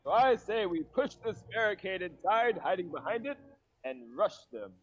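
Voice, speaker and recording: A man's voice: high voice, very animated, normal speed, fairly bright tone, pitched above the performer's own voice, low-quality recording. A man voicing a pompous, feisty old male adventurer who speaks in grand, formal phrases. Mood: grandiose.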